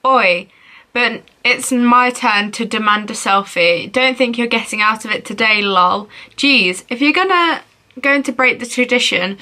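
A woman's voice: fairly high pitch, sharp tone. A young woman vlogging as she plays a phone game, reading messages aloud in a playful, giggly way.

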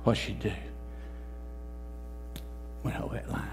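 A man, a pastor, preaching a sermon, telling a story and rising to emphatic, loud peaks. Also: measured pace, background noise. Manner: storytelling, quoting others in changed voices, rising to emphatic peaks. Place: church sanctuary.

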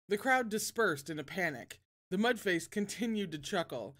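A woman hosting a casual livestream, chatting warmly and self-deprecatingly between reading a novel aloud. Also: medium pitch, expressive, normal speed, few pauses.

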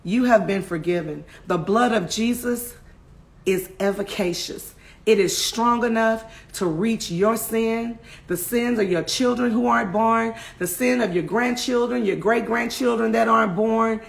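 A woman preaching and praying fast and passionately, often raising her voice to a shout. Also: fairly high pitch, creaky. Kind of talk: fervent online sermon and prayer.

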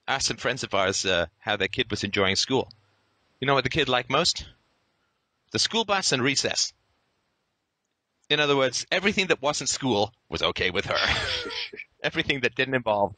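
Podcast host, male, fiery sarcastic monologue, animated delivery and a crisp, bright tone. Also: medium pitch, dry recording. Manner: sarcastic, profane and theatrical. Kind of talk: impassioned ranting monologue.

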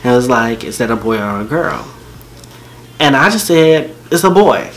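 A man's voice: medium pitch, very animated, normal speed, a bit bright, slight background noise. A man telling a personal story to camera in a casual, slangy, joking way.

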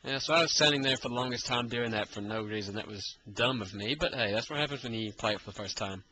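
A man's voice: mid-range voice, quick pace, crowd noise, low-quality recording. A man giving live gameplay commentary, exasperated and repeatedly urging and taunting the enemy. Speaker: let's play gamer.

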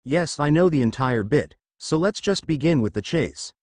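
Prankster teen ninja boy, teasing and cocky, voiced by a male narrator, lively pitch. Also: normal speed, dry recording, clean studio sound. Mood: cheeky.

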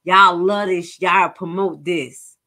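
A woman's voice: fairly low pitch, little pitch movement, slow, sharp tone. A woman doing reaction commentary, blunt and profane, mocking what she watches with dramatic bursts of disgust. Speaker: commentary vlogger.

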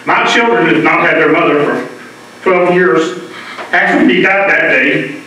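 A man's voice: on the high side, measured pace, bright, forceful tone, a little hiss or hum. A middle-aged man giving an emotional, impassioned speech at a public debate in a library meeting room, often repeating words as he presses his point. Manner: emotional, earnest, repeats words when stirred. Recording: very echoey hall, mic far off.

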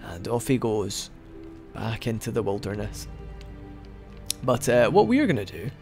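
Gravelly man narrating his gameplay. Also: on the low side, sing-song, a little slow, a little mellow, faint music behind. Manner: rambling, joking, with frequent restarts. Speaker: gaming video host. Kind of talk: casual let's-play commentary.

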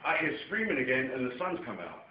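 A man's voice: mid-range voice, fast. Swearing English man in an echoey room. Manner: profane, excitable, swings between muttering and near shouting. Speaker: vlogger telling a personal story. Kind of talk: rambling casual storytelling to camera. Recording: echoey room, dull lo-fi camera sound, faint noise.

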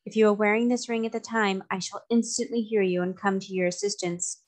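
A woman's voice: medium pitch, fairly quick, lightly acted. A woman reading aloud and voicing a gracious, formal mermaid queen in a storybook. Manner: calm, gentle and formal.

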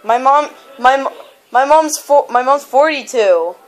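A woman's voice: high voice, expressive, unhurried, soft background music. A woman commentating her own online shooter match, giggling and teasing other players. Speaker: gamer recording online match. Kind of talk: excited gameplay commentary.

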